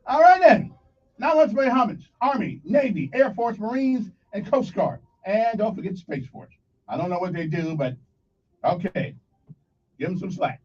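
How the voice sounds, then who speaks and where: A man hosts a morning radio show in a high, lively voice. He jokes and talks straight to his listeners. The sound is dull and lo-fi, as if from a little way off the mic. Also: normal speed, husky, far from the mic.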